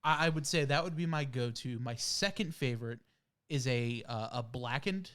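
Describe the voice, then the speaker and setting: A man's voice: medium pitch, normal speed, a bit bright. A man co-hosting a casual podcast, speaking in an easygoing way with hesitant fillers. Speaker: podcast co-host. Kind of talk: casual chat.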